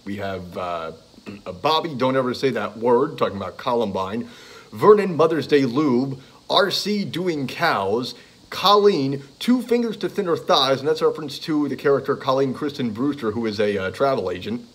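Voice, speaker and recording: A man's voice: medium pitch, expressive, moderate pace, husky. Man hesitantly listing tracks aloud. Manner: hesitant, many "uh" and "let's see". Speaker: comedy show fan. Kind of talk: casual spoken list.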